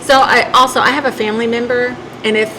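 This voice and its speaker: A woman's voice: fairly high pitch, steady tone, fast, background noise. A woman from southern Illinois with a country accent, hosting a casual podcast chat and telling stories with frequent laughs. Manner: chatty storyteller, laughs often. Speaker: podcast host.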